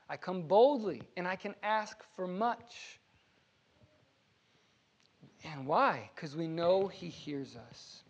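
A man's voice: sits high, highs cut off. A man preaching a sermon as pastor, earnest and conversational, with everyday examples. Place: church.

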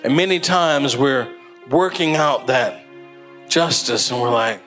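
A pastor delivers a sermon, telling lively stories punctuated by laughter before slowing into earnest exhortation. His voice is medium-pitched, with soft music playing in the background.

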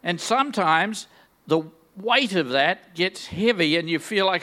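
A man's voice: high voice, animated, unhurried, bright, forceful tone. An older man preaching a sermon in a large church, enthusiastic and full of joking, self-deprecating asides. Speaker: guest preacher.

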